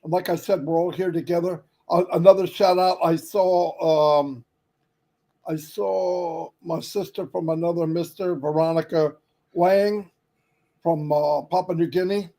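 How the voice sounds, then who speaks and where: A man's voice: fairly high pitch, fairly even intonation, unhurried, warm tone, poor audio. A man chatting casually on a livestream, easygoing and rambling, with fillers and side remarks. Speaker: company leader on a livestream.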